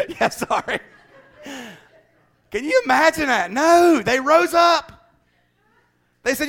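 A man preaching a sermon to his church. He builds to passionate shouts and breaks into laughing asides. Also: very high-pitched, measured pace, pauses often. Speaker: pastor.

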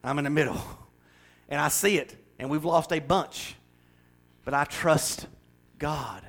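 A middle-aged man preaching a folksy, joking sermon that swells into fervent, loud passages. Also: mid-range voice, measured pace. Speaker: pastor.

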